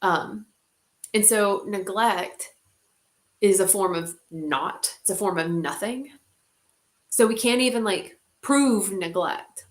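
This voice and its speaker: Woman on a video call, talking open and heartfelt, lots of "like", mid pitch. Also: slow pace. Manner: candid and heartfelt, with frequent "like" and some swearing. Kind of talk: casual sharing in an online group.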